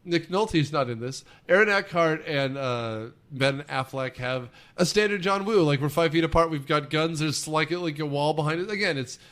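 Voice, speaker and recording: A man's voice: on the high side, normal speed, few pauses, a bit bright. A man hosting a casual movie podcast, retelling scenes in a jokey, rambling way. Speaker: podcast host. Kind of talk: casual film podcast chat.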